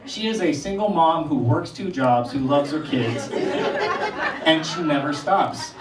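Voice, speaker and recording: A young man doing stand-up with a fairly high voice, his stories full of exasperated questions. He sounds a bit far from the mic in a reverberant small theater, with a crowd laughing loudly around him. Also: measured pace. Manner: animated storytelling, rising to incredulous questions. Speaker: stand-up comedian. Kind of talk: stand-up comedy set. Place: small theater stage before a live audience.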